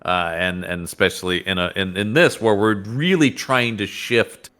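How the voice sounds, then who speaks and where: A man's voice: fairly low pitch, normal speed. A man co-hosting a podcast, joking casually about a comic book and often restarting his sentences. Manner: jokey, animated, restarts sentences. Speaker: podcast co-host.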